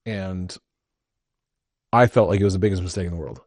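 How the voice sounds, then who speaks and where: A middle-aged man co-hosts a casual podcast chat at a quick clip. He makes wry, offhand remarks in a mid-pitched voice. The recording is dry and close. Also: darkish tone, dry recording. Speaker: podcast co-host.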